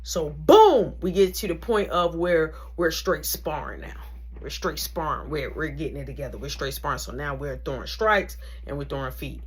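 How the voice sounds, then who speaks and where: A woman recounts a story in a casual vlog style. Her voice sits slightly low but leaps up sharply when she gets animated, and her phrasing is loose and slangy. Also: moderate pace, husky. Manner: animated, slangy storytelling with big pitch swings. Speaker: vlogger telling a story.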